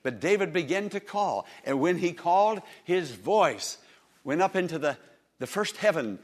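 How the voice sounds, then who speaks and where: A man's voice: fairly high pitch, lively intonation, moderate pace. A man preaching a sermon with passion, calling on the listeners to answer him, his delivery swelling and dropping. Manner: impassioned, rising and falling, calls on listeners to answer.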